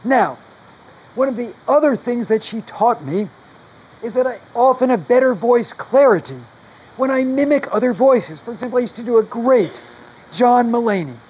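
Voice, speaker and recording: A man's voice: very high voice, lively intonation, moderate pace, darkish tone, breathy edge, rough recording. A man whose voice is damaged by long covid, telling stories as a guest author in a chatty, self-deprecating way. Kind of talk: casual storytelling in a live conversation.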